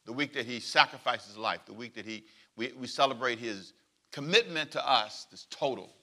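A man preaching a sermon as pastor, animated and joking, drawing the congregation into call and response. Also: medium pitch, moderate pace. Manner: animated, plays out quoted voices and jokes with the congregation.

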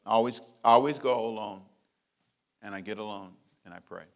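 A middle-aged man, a pastor, preaching a sermon with emphatic repeated phrases and big swings in loudness. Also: on the low side, a little fast.

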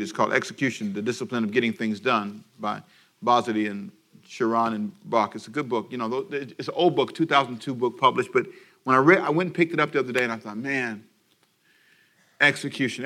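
In a mid-range voice that sounds pushed and bright, a man gives an energetic sermon broadcast on radio from a church service. He uses call-and-response and plays out little scenes for his listeners.

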